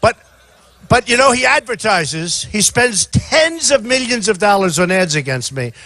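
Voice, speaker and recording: A man in his sixties giving an off-the-cuff campaign rally speech outdoors, rambling and repetitive, often shouting to a crowd. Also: high-pitched, big pitch swings, measured pace, no room sound. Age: 60s. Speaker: presidential candidate.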